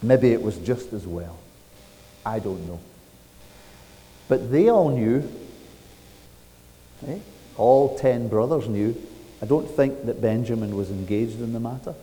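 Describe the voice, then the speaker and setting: A man's voice: medium pitch, expressive, measured pace, long pauses, mellow, in a large hall, rough recording. A man preaching a sermon, retelling a story dramatically and asking rhetorical questions.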